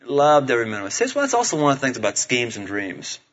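A middle-aged man preaching a sermon, telling stories in an animated way and acting out the voices of his family. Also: medium pitch, fast. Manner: animated storytelling, acts out voices of family members. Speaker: pastor. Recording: dull lo-fi sound.

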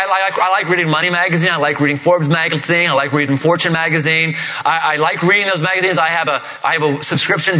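A man's voice: high voice, bright, forceful tone. A middle-aged man, a pastor preaching a sermon in a conversational, jokey storytelling manner. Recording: dull lo-fi recording.

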